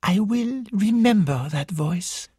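An audiobook reader voicing a fussy older male detective who muses to himself in a soft, half-whispered, slow voice, raised above the reader's own pitch. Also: animated, breathy edge, no echo, studio quality, heavily acted. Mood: quiet resolve.

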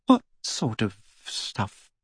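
A man voicing a determined middle-aged mother with a sharp, insistent manner, read as part of a storybook audiobook. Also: drawn-out words, dry recording, clean studio sound. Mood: probing. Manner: sharp, insistent, switching to sweet casual.

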